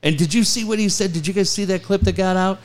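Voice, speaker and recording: A man's voice: high voice, fast talker. A man hosting a sports talk show, telling a long, profane story with lots of laughter. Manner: animated storyteller, profane punchlines, laughs through quotes. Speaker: sports radio host. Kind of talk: casual storytelling chat.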